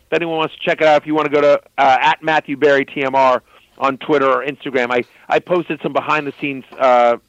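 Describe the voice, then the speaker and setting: Animated man telling a story. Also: medium pitch, quick pace, dry recording, lo-fi sound. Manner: animated storyteller, loose with fillers. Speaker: guest. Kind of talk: casual storytelling.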